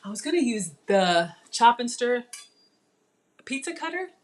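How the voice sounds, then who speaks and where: In her home kitchen, a middle-aged woman hosts a casual live-stream cooking demo, talking excitedly and calling out to viewers as she goes. Her voice is fairly high in pitch and her pace is moderate.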